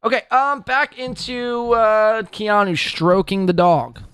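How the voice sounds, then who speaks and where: A man with a rather high voice mocks and curses his way through a rant, sarcasm in every line. The sound is close and dry, with no room around it. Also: takes it slowly, a bit bright, smooth, no echo. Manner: mocking, profane, sarcastic. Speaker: podcast host. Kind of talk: ranting commentary over a played clip.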